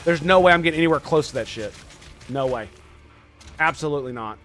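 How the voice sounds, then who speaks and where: A man giving live gameplay commentary as a streamer, excitable and quick to swear and rant in exasperation. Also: on the high side, faint music behind.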